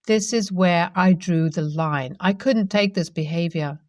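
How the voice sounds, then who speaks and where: A woman reading a first-person story as scripted narration, in a steady, even way. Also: fairly low pitch, unhurried, few pauses, no room sound, studio quality.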